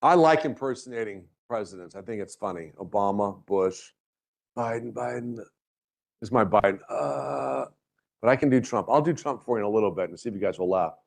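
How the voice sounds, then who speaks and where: A man's voice: on the low side, animated, fast talker, hardly any pauses, darkish tone. A male university lecturer giving a classroom lecture, tossing out rhetorical questions and light joking asides to his students. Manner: checks in with frequent rhetorical questions.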